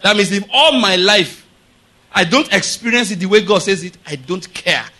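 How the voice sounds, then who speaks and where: Bright high-voiced male preacher. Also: animated, moderate pace. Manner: emphatic, rhetorical questions to the audience. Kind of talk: sermon.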